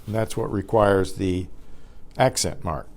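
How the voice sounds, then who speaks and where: A man teaching a Spanish grammar class, explaining patiently and clearing his throat often. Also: low-pitched, unhurried. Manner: recites word lists carefully.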